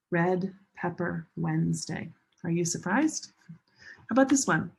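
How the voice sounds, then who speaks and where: A woman teaching English pronunciation in a classroom lesson, slowly modeling each word and stressing syllables with care. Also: lowish voice, expressive. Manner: slow, deliberate modeling of words with clear stress.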